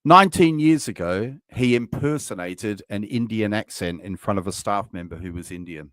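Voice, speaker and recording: A man co-hosts a casual chat show with deadpan, sarcastic delivery and an occasional swear word. His voice sounds dry and close, with no room around it. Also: fairly low pitch, normal speed, dry recording.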